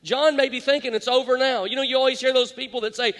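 High-voiced man preaching in a hall. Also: steady tone, fast talker, few pauses. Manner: dramatic, varies loud and soft, quotes scripture. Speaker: pastor. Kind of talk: sermon. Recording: long hall reverb.

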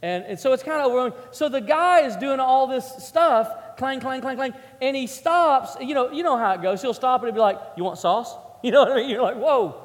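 High-voiced man preaching in an echoey hall. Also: fairly quick, hardly any pauses. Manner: chatty, self-mocking, asks the audience questions. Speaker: pastor. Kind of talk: storytelling sermon. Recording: echoey hall with long reverb.

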